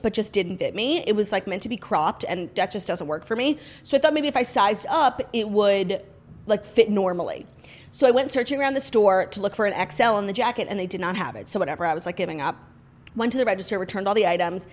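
A woman's voice: mid-range voice, animated, fast. A young woman co-hosting a podcast, telling a story in casual chat and saying "like" all the time. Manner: chatty storytelling, heavy use of "like". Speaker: podcast co-host.

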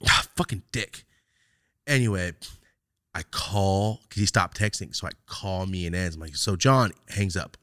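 A man hosting a podcast, telling a story in casual chat, animated and profane with loud outbursts. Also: deep voice, a little slow, no echo, clean studio sound. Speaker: podcast host.

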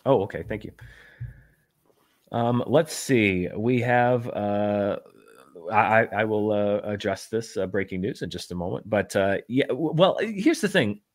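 A man's voice: fairly low pitch, animated, a little slow. Wry, joking male podcast host. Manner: joking, wry, with many fillers and restarts. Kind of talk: casual chat reading news.

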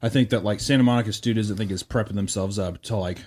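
A man's voice: fairly low pitch, fast talker, darkish tone. A man co-hosting a podcast in casual chat, rambling with many restarts. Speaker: podcast co-host.

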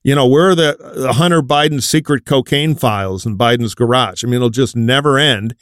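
A man hosting a political panel discussion, brisk and wry with strong opinions. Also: medium pitch, a bit bright, clean tone, no echo, clean studio sound.

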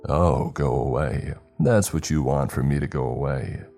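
A man's voice: very deep voice, measured pace, creaky, warm tone, faint music behind, heavily acted. A man voicing a taunting, sinister male entity with a childish, growly voice in a horror story. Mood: mocking. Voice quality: growly, mocking.

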